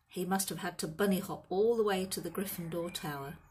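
A woman reading a children's novel aloud as an audiobook, lively in the character voices. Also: lowish voice, a little fast, a little hiss or hum. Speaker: reader.

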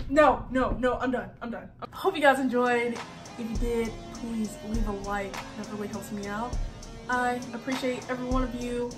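A woman's voice: a little high, fairly even intonation, a little slow, over music, poor audio. A woman giving jittery horror game commentary, talking to herself and her viewers as she plays. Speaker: gaming creator.

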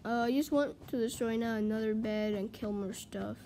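Woman narrating her game as she plays, kinda high voice, flustered and rambly, little bit of hiss. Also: normal speed, dark tone. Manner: chatty, easily flustered, swings into frantic panic. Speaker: gaming video creator. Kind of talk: live gameplay commentary.

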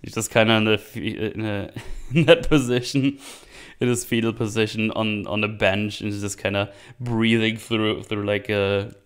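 Male host, lowish smooth voice, loose rambling movie recap, chuckles a lot. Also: fairly even intonation, normal speed. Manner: rambling, laughs often, many restarts. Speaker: podcast host reviewing a movie. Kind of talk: casual solo movie recap.

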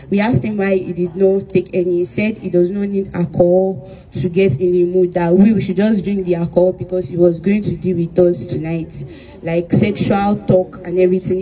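A young woman giving a statement as a crime suspect, halting and full of fillers. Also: mid-range voice, warm tone, rough recording. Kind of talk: recounted testimony.

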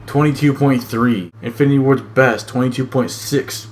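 A man's voice: mid-range voice, fairly even intonation, moderate pace, few pauses. A young man giving gameplay commentary as a channel host, muttering and swearing at the game in frustration.

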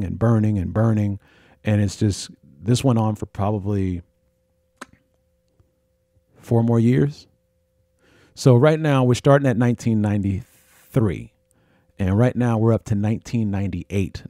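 A man hosting a podcast, recounting his own experiences in a halting, repetitive, earnest monologue. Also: on the low side, dark tone, no echo, studio quality. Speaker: podcast host. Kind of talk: personal storytelling monologue.

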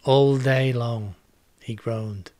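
A man's voice: mid-range voice, steady tone, extremely slow, darkish tone, no echo. A man in his sixties preaching a home video sermon, earnest and reflective, repeating words for emphasis. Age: 60s. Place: home setup with green screen.

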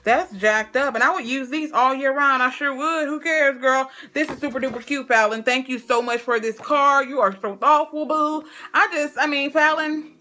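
A woman vlogger chatting casually while opening fan mail, excitable and stumbling over her words, calling viewers girl and y'all. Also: high voice, normal speed, few pauses. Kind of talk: casual chat.

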